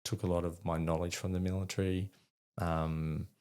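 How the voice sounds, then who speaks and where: A man's voice: sits low, little pitch movement, normal speed, darkish tone, smooth. An Australian army veteran in his forties telling stories casually, rambling with fillers and restarts and acting out dialogue. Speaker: podcast guest, army veteran. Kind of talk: casual storytelling.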